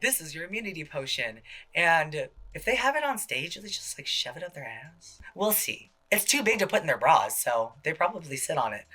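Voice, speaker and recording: A man hosting a casual TV recap, gossipy and full of swearing, jumping into quick impressions. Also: fairly high pitch, sharp tone. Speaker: show host.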